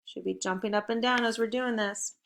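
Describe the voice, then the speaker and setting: A woman teaching a spelling lesson to young children, speaking slowly and clearly, upbeat and encouraging. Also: a little high, steady tone, fairly bright tone. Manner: slow, deliberate word-by-word modeling.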